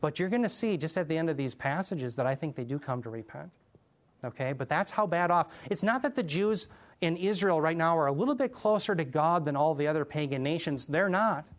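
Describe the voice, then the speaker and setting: Middle-aged guy teaching the bible verse by verse, earnest, keeps asking the room questions, voice sits a bit high. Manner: earnest, asks the listeners rhetorical questions.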